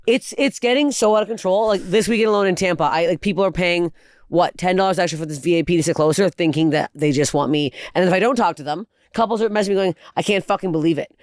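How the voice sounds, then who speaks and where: A woman comedian in her thirties tears through heckler stories at a rapid clip, swearing freely and acting out each voice she quotes. The sound is close and dry, with no room around her. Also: fairly low pitch, no echo. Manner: profane, animated storytelling with acted-out quotes. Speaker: comedian guest. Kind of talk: casual podcast chat.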